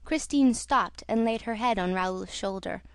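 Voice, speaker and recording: A woman narrating an audiobook in a measured, softly dramatic reading. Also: mid-range voice, clear, resonant tone, no echo. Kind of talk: scripted narration.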